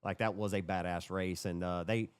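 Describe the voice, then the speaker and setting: Podcast co-host, young man, excitable storyteller, dry close sound. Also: sits low, moderate pace, clear, resonant tone, no echo. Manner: excitable storyteller, drawls and swears. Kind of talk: casual chat.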